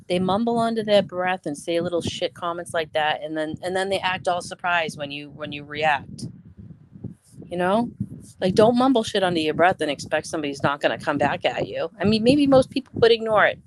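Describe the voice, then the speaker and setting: A woman's voice: sits low, noisy background. A woman hosting a casual live stream, talking straight to her viewers and telling stories bluntly with plenty of swearing. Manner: blunt, swears freely, venting; chatty storyteller, talks to viewers. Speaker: livestream host.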